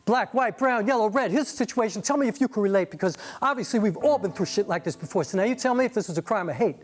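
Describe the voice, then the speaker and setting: A man's voice: sits high, animated, quick pace. A man performing rhythmic spoken-word poetry as narrator, intense and profane, with repeated refrains.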